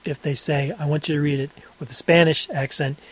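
Man, casual podcast chat, rambling and halting, fairly high voice, dry close sound. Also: fairly even intonation, husky, no echo, low-quality recording. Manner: rambling, halting, laughs often. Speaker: podcast co-host.

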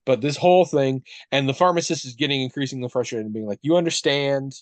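With a mid-range voice and a fast, animated delivery, a man in casual podcast conversation retells something at length. He restarts often and drifts into asides, and the recording has no echo.

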